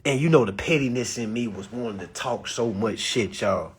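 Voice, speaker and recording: A man telling a personal story to his viewers in a casual, animated, profane way, calling them y'all. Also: mid-range voice, normal speed. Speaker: vlogger.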